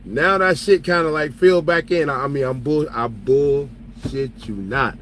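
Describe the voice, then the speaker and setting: A man's voice: mid-range voice, measured pace, fairly bright tone, slight background noise, low-quality recording. A man who drives trucks, telling stories in loose casual chat, joking and laughing as he talks. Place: truck cab.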